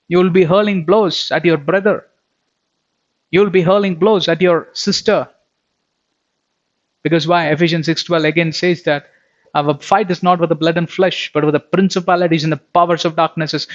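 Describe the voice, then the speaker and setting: A man preaching a sermon, calling his listeners beloved and asking them often whether they follow. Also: sits high. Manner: addresses listeners as beloved, asks checking questions. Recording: dull lo-fi sound.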